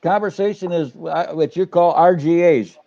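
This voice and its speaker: An older man speaks in a mellow, fairly high voice, rambling and hunting for words as he gives business advice. The audio is dull and lo-fi, like a live stream. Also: normal speed, gravelly. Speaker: business coach, co-host. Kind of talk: casual live chat.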